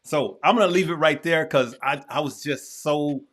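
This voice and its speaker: A man's voice: a little high, moderate pace, a bit bright, slight background noise. Emphatic, heartfelt man hosting a livestream. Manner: emphatic and repetitive, with frequent restarts; heartfelt, preacher-like encouragement. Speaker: host. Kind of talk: casual livestream chat.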